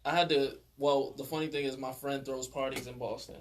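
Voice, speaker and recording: A man's voice: medium pitch, little pitch movement, a little fast. A man from Albany, New York, a DJ telling stories in a casual interview, laid-back and rambling with lots of "like". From Albany, New York, USA. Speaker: DJ, interview guest.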